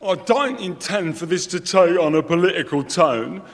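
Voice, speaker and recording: A man's voice: sits high, animated, normal speed, in a large hall. A man impersonating a prim, stiffly proper older woman in a regal voice.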